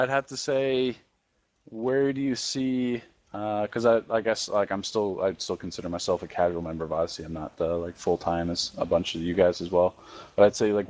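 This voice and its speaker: A man with a very low voice talks as a guest on a casual gaming podcast. He rambles, restarting sentences and filling gaps with ums and likes. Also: a little mellow. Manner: rambling, with many fillers and restarts.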